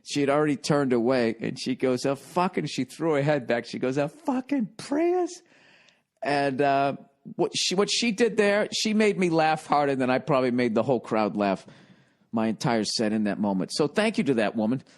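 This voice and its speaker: Middle-aged male podcaster, swears freely, rambling animated storyteller. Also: mid-range voice, brisk. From United States. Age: 40s. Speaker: podcast host. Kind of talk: casual comedic monologue.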